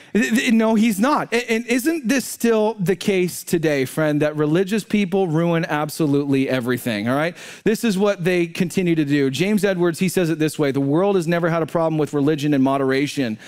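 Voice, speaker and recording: A male pastor delivering a sermon in a high, tenor-range voice. He keeps his congregation engaged with rhetorical questions and direct address, dropping into low asides and then rising into high, emphatic bursts. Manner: animated preaching, sudden swings between low asides and high emphatic bursts.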